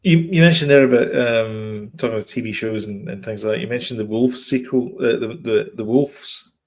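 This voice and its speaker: A man's voice: mid-range voice, fairly quick. Chatty man rambling about movies. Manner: chatty, meandering storyteller. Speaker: podcast co-host. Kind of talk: casual chat about films and TV.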